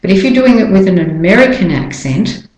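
A woman giving an audio pronunciation lesson, drawing out each model word slowly and carefully. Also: medium pitch, lively intonation, a little mellow, roomy sound, low-quality recording. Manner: slow, careful, drawn-out model words. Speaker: pronunciation teacher.

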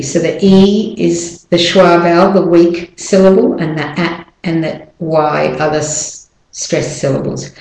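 Slow, careful woman teaching pronunciation. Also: low voice, darkish tone. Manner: slow, carefully drawn-out model words; checks in with a rising "yeah?". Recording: echoey room.

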